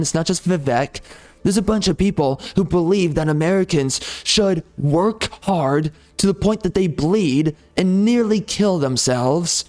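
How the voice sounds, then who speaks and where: Heated ranting man, fairly high voice. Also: a little mellow. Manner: heated, profane, repetitive ranting. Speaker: gaming channel host. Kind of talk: ranting commentary over gameplay.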